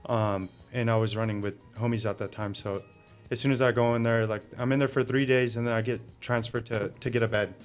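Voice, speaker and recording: A man's voice: medium pitch, steady tone, brisk, smooth, faint music behind. A man guest telling his story in casual conversation, laughing often and filling with "like". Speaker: interview guest.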